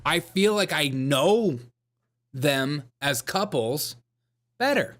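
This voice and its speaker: A man's voice: a little high, animated, slow pace, a bit bright, slight background noise. A man hosting a comedic commentary livestream, joking, laughing often and reading out the chat. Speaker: livestream host.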